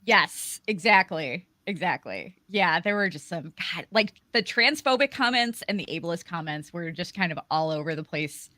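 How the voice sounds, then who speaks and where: Host: woman, bright, lively voice, dry sound, rambling casual chat. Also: on the low side, normal speed, hardly any pauses, no room sound. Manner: chatty, rambling, with many fillers. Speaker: livestream host. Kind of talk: casual live aftershow chat.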